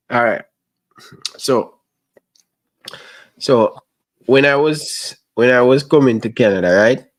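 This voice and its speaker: Jamaican male host, mid-pitched voice, easygoing patois chat, casual storyteller.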